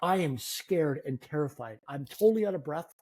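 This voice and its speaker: A man in his fifties, a guest telling animated, self-deprecating stories in a conversation. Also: on the high side, normal speed. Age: 50s. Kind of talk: storytelling in a conversation.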